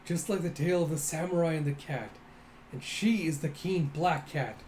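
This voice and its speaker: A manga reader voicing a stoic male fighter who muses slowly in the middle of a battle. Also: mid-range voice, darkish tone, slight background noise, close to an everyday voice. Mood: awed. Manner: slow, reflective.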